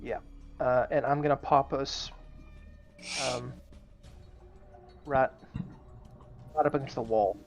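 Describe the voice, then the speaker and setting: A man's voice: medium pitch, steady tone, slow pace, pauses often, muffled recording, soft background music. A man playing an online tabletop game, talking through his moves aloud with many fillers and restarts. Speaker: player.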